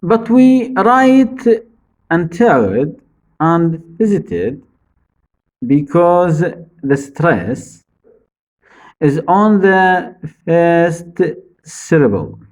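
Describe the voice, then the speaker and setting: A man teaching English spelling rules, speaking slowly and deliberately, repeating each rule for his students. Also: very animated, darkish tone, rough recording. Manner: stresses key words, drops low at phrase ends. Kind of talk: slow spelling-rule lesson.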